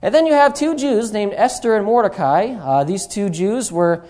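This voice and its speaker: Male preacher, mellow voice, rambling delivery, lots of fillers, humorous asides, evening church service. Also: high voice, expressive, normal speed. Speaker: guest preacher.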